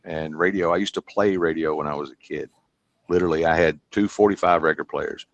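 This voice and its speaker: A man from Kentucky in his fifties, working as a comedian and hypnotist, tells casual, rambling stories as a podcast guest. His voice is extremely low and fairly quick, recorded lo-fi with no echo.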